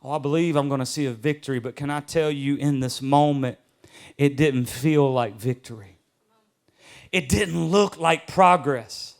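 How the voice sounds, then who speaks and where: A man's voice: a little high, unhurried. A pastor in his thirties preaching emphatically, repeating key lines and calling for amens. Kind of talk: sermon.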